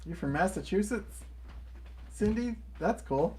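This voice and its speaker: A man's voice: sits high, expressive, a little slow, darkish tone, a little hiss or hum. Upbeat man greeting stream viewers. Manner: upbeat, reads out and answers viewer comments; enthusiastic, friendly greetings to viewers. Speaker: live stream co-host. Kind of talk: casual live stream chat.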